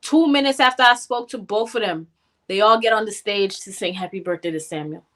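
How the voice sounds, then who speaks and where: A woman co-hosting a podcast, talking casually and profanely as she tells a story in an animated way. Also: mid-range voice, brisk. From North Miami. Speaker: podcast co-host. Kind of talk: casual chat.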